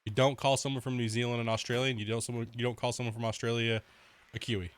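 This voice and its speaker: A man's voice: medium pitch, little pitch movement, fast. A man streaming a game, chatting casually, swearing and laughing as he rambles through stories. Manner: crude, swearing, laughs often; rambling storyteller with many restarts. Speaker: gaming streamer. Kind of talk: casual live-stream chat.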